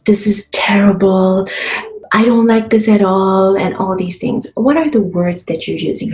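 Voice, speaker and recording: A woman's voice: mid-range voice, dark tone, roomy sound, poor audio. A woman giving an earnest, encouraging self-help talk to the camera, speaking straight to the viewer and acting out short quoted phrases.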